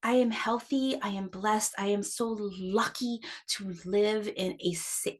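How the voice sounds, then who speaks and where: A middle-aged woman, an astrologer hosting her own podcast, talking frankly and with passion in a personal monologue, cursing, restarting phrases and jumping up sharply in pitch for emphasis. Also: steady tone, measured pace.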